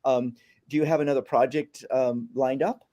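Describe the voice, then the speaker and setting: A man's voice: medium pitch, fairly even intonation, normal speed, mellow, lo-fi sound. A man hosting a live film festival stream, chatting with a filmmaker in a friendly, filler-heavy way.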